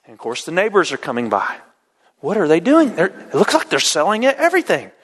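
Folksy high-voiced preacher. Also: male voice, fairly quick, slightly rough. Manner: folksy, animated retelling with frequent uh fillers. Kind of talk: sermon storytelling. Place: church sanctuary. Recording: echoey hall reverb.

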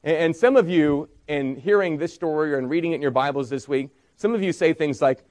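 A man in the role of pastor delivers a sermon, retelling a story with rhetorical "right?" questions and short acted-out quotes from its speakers. His pitch is fairly high and slightly mellow, and he speaks fairly quickly with few pauses.

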